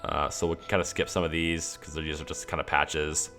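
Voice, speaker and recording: Male streamer, deep voice, casual enthusiastic rambler, faint background music. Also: flat delivery, fairly quick, pushed and bright. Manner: rambling, enthusiastic, many fillers and restarts. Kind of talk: casual walkthrough of game mods.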